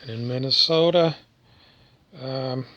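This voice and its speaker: A man's voice: mid-range voice, takes it slowly, fairly bright tone. A man from Canada talking in a meandering, wry vlog monologue, full of fillers and asides. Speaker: vlogger. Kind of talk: rambling monologue.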